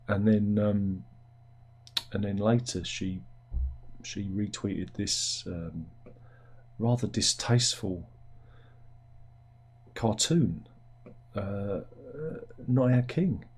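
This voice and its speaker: Wry man with a husky, low voice. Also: darkish tone. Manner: wry, rambling, sardonic asides. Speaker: host. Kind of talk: casual satirical news commentary.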